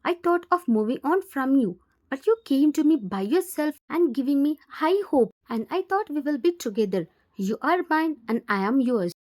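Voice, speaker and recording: Woman playing a heartbroken girl of twenty, Indian English accent, warm and fairly high. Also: animated, moderate pace. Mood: angry. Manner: hurt, accusing.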